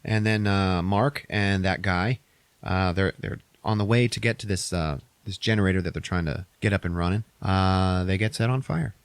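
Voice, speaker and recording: A man talks through a movie plot on a podcast, casual and full of swearing. His voice sits low. The sound is dry and close, with no room around it. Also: normal speed, clean tone, no room sound. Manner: profane, animated retelling with put-on quotes. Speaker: podcast host.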